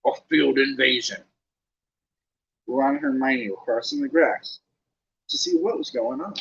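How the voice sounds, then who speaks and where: A man narrating an audiobook, reading lively with casual asides. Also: medium pitch, moderate pace, muffled recording.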